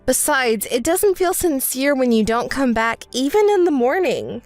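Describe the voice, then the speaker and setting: Woman, high voice, scolding, indignant, dry close mic, soft music underneath. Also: very animated, normal speed, no echo. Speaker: narrator voicing the bride. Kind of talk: text-story voice acting.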